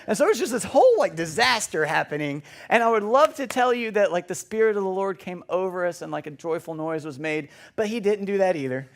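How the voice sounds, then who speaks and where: High-voiced young man preaching with lilt. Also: lively intonation, brisk, hardly any pauses. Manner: self-deprecating, rambling with many fillers. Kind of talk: storytelling sermon. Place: church sanctuary.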